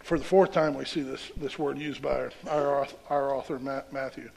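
A man's voice: mid-range voice, fairly even intonation, normal speed, vocal fry, darkish tone. A man preaching a sermon, reading scripture aloud and explaining it in a conversational way, often checking in with his listeners. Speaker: pastor.

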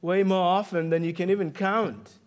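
Speaking in a high-pitched, steady voice, this accented man delivers an earnest sermon. He drives his points home with emphasis, repeating important phrases on purpose; English isn't his first language.

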